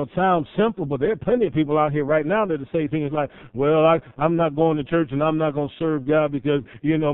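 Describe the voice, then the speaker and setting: A man preaching a sermon as pastor, rising to loud emphatic peaks and dropping to soft, drawn-out lines. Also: on the high side, clear, resonant tone, no echo. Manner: swells loud then drops soft, dramatic pauses. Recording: tinny phone-like sound.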